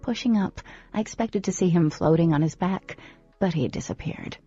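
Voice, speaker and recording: A woman narrating a first-person audiobook in an expressive, dramatic storytelling manner, on a close microphone. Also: on the low side, moderate pace, husky, no echo, lo-fi sound, soft background music.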